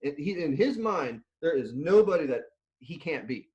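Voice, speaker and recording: Middle-aged man, chatty guest, animated storyteller, laughs and restarts a lot. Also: a little high, normal speed, highs cut off. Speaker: nutrition and strength coach, interview guest. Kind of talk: casual interview storytelling.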